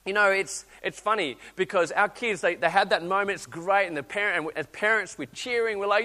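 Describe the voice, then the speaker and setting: A man in his thirties preaches a sermon in a high, bright voice. He tells stories animatedly, acting out voices and restarting his sentences. The sound carries the long reverb of a church hall. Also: fairly quick, few pauses. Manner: animated storytelling, acts out voices, restarts often.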